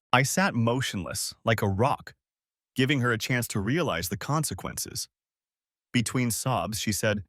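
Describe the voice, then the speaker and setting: A man's voice: mid-range voice, sing-song, normal speed, fairly bright tone, dry recording. Guy reading a story audiobook, lots of ups and downs in his voice, super dry close sound. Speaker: story narrator. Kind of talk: first-person audiobook narration.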